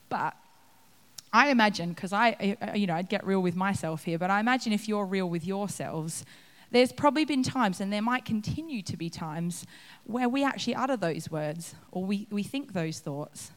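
A woman's voice: medium pitch, expressive, brisk. A woman giving a conversational sermon, acting out the scenes she describes. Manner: conversational, acts out scenes with laughs. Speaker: preacher. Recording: long reverb of a hall.

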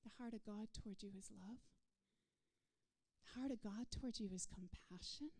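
A woman preaching a sermon in a fairly high voice. She drops to soft whispers, then builds into loud, rising declarations with a repeating call-and-response rhythm. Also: lively intonation, measured pace, pauses often.

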